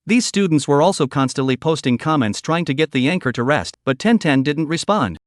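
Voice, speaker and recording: A man narrating a story recap in a steady, even, scripted reading. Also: on the high side, brisk, hardly any pauses, dry recording, studio quality.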